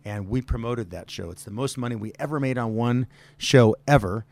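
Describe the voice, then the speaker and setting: A man's voice: medium pitch, normal speed, creaky, darkish tone. A man in his fifties, an arena manager, speaking outspokenly and telling stories as a guest in an office. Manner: outspoken storyteller, acts out quotes. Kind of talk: casual interview chat.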